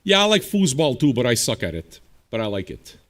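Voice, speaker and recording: Profane, lively-voiced man host. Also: mid-range voice, a little fast. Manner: blunt, profane, combative banter. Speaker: streaming radio DJ host. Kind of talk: casual livestream chat answering viewers.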